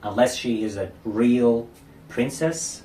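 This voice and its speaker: A man's voice: medium pitch, slow, dark tone, echoey room, far from the mic, slight background noise. A man teaching a class as a dating coach, explaining step by step and often checking in with "right?". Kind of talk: classroom lecture with acted examples.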